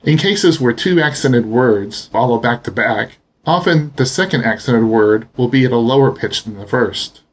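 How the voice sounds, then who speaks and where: A man teaching a language lesson, explaining pronunciation slowly and deliberately. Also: mid-range voice, expressive, slightly rough. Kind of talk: instructional narration.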